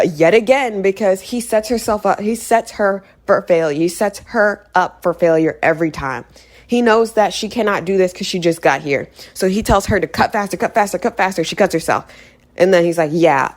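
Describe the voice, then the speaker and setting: A woman recapping a movie in a casual, animated rant, exasperated and sarcastic, acting out the characters' lines in quick asides. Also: mid-range voice. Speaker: movie commentator.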